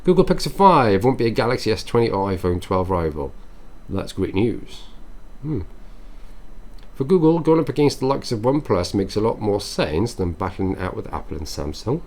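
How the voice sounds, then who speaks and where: A man's voice: fairly low pitch, big pitch swings, moderate pace, a little mellow. A man hosting a casual tech news show, reading headlines aloud and adding offhand chatty asides. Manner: reads headlines then adds offhand chatty asides and musings.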